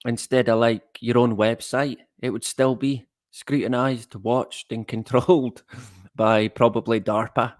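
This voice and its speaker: Slow, easygoing man chatting on stream. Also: mid-range voice, no echo, clean studio sound. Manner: rambling and chatty, greets viewers, chuckles at his own jokes. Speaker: livestream host. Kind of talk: casual livestream chat.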